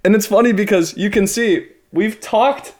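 A man's voice: high voice, normal speed. A man co-hosting a podcast in casual chat, easygoing and laughing often. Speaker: podcast co-host.

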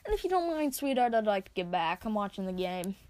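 A woman voicing a gruff, pig-faced demon who barks his words. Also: medium pitch, sing-song, quick pace, darkish tone, natural voice. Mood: impatient. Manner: barking.

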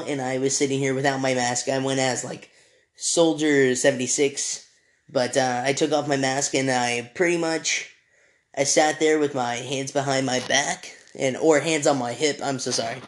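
A man's voice: mid-range voice, steady tone, measured pace. A young man hosting a podcast, telling a story casually with many fillers, restarts and small apologies. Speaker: podcast host.

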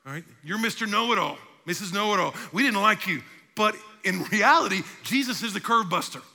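A man in his forties preaching a sermon in a church, animated and playing out little voices of his listeners. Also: sits high, brisk, vocal fry, big-room sound. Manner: animated preaching with acted asides. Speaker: pastor. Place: church sanctuary.

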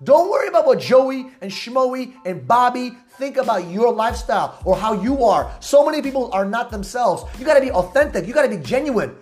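A man hosting a motivational podcast, talking loudly and emphatically with high energy and casual slang. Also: big pitch swings, brisk, hardly any pauses, soft background music. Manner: repetitive, hype-driven street slang. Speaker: podcast host.

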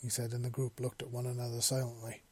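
A man narrating a story in a steady storytelling manner. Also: medium pitch, fast talker, husky, no echo. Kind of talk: audiobook narration of fan fiction.

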